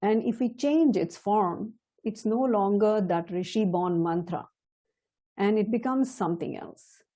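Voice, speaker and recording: A middle-aged woman teaching a chant, explaining slowly and carefully, now and then laughing softly. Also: mid-range voice. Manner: slow, measured and explanatory, with soft laughs. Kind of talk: spoken lesson with chanted demonstrations.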